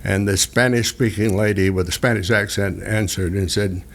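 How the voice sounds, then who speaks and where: A man's voice: lowish voice, fairly even intonation, moderate pace, creaky. An older man from southeast Texas, casually telling rambling, folksy stories as a radio host. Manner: folksy, rambling anecdotes with restarts and chuckles. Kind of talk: casual storytelling chat.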